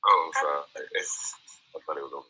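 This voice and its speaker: A man's voice: extremely low pitch, brisk, bright, forceful tone, breathy edge, no room sound, low-quality recording. A laid-back man chatting casually as a co-host, slangy and easily amused, heard over a remote call. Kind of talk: casual chat.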